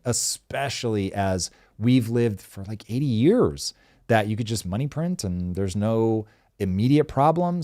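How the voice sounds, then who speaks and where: Low-voiced man explaining economics. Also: warm tone, dry recording, clean studio sound. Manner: explanatory, measured, many fillers. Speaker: show host. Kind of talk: casual live-show commentary.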